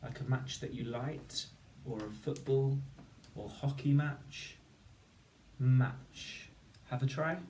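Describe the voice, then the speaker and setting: A male teacher giving a patient phonics lesson, slowly sounding out each word and syllable. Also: medium pitch, a little mellow. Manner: slow, patient, sounding out words. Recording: roomy, distant mic with faint noise.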